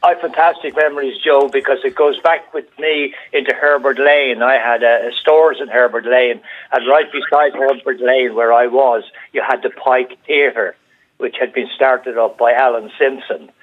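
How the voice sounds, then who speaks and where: An older Irish man on a phone-in show, telling an animated anecdote and acting out the voices of the people in it. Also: medium pitch, moderate pace. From Ireland. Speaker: radio caller. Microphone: telephone. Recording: tinny phone line.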